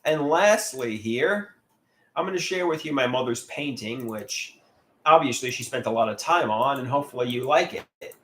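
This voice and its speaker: A man's voice: medium pitch, expressive, moderate pace, a bit bright. A man doing a casual livestream, sharing artwork and reading viewer comments aloud in a candid, plain way.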